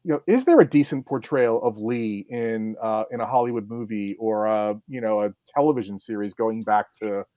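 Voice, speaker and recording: A man's voice: on the low side, moderate pace, few pauses, warm tone, no echo. A male historian talking in a casual podcast discussion, thoughtful and hesitant with frequent fillers. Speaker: historian guest.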